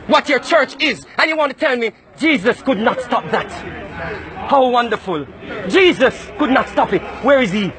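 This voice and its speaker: A man from Jamaica, ranting and shouting confrontationally at people outdoors. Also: very high-pitched, animated, normal speed, crowd noise.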